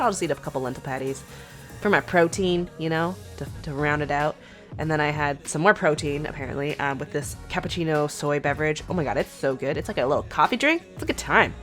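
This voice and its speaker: A woman's voice: low-pitched, fairly bright tone. A woman with a sick, congested voice, chatting casually through a food vlog with lots of fillers. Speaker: food vlogger.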